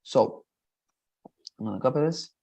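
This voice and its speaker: A man's voice: medium pitch, lively intonation, gravelly, warm tone, husky. Man encouraging English tutor. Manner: encouraging, repeats praise, explains slowly. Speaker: English teacher. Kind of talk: one-on-one online lesson.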